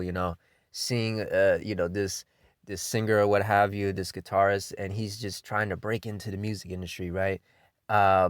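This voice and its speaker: A man with a lowish voice talks through an anime countdown as casual spoken commentary. He sounds laid-back and enthusiastic, swears freely, and leans on fillers like um and you know. The sound is dry and close, with no room echo. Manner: loose delivery full of fillers like um and you know. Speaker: anime reviewer hosting a countdown list.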